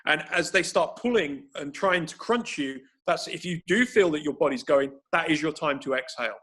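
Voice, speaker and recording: On a video call, a man coaches breathing for grappling, explaining in an instructive, conversational way. His voice sits a bit high for a man, fairly bright, with lively intonation at normal speed, and he often restarts sentences as he thinks aloud.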